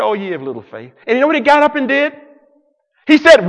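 A man preaching in a church sanctuary, his high voice rising and falling in wide, lively swings. He takes his time, dropping to hushed tones and then rising to loud declarations. A long reverb from the big hall trails every phrase. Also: fast talker. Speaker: pastor. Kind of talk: sermon.

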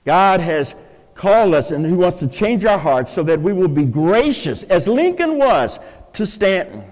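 Lively high-voiced preacher quizzing his congregation. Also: unhurried, in a large hall. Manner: quizzes the congregation with playful questions. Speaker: pastor. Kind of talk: interactive sermon with object lessons. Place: church sanctuary with a live congregation.

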